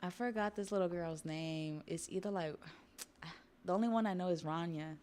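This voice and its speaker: A woman hosting a livestream, chatting casually about a manga while drawing, with relaxed asides to her viewers. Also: on the low side, moderate pace. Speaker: livestream host.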